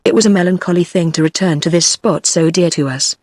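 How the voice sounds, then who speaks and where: A text-to-speech woman's voice with a British English accent, reading a novel aloud as an audiobook narrator in an even, synthetic manner. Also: fairly low pitch, fairly quick, no echo. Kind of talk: scripted narration. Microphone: synthetic, no room.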